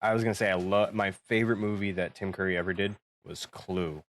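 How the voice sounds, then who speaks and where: A man's voice: deep voice, steady tone, a little fast, a bit bright, no room sound. A man co-hosting a podcast, chatting casually and nostalgically. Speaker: podcast co-host. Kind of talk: casual chat.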